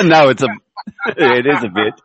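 A man joining a casual podcast chat over an online call, chuckling and halting as he talks. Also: mid-range voice, big pitch swings, a bit bright, slightly rough, no echo, poor audio.

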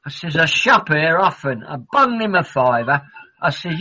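A man with a high, bright voice that swoops up and down as he rambles and swears through a casual chat. The audio is dull and lo-fi. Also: very animated, moderate pace.

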